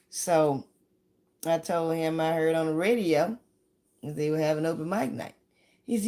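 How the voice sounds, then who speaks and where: A woman's voice: deep voice, expressive, moderate pace. Chatty rambling woman comedian. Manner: chatty and rambling, with sudden shouts and sung bits. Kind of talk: casual stand-up storytelling.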